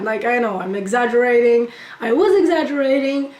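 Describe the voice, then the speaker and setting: Young woman vlogger, profane exasperated rant, high-ish voice, echoey room. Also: brisk. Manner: profane, exasperated, animated ranting. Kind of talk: casual storytime rant.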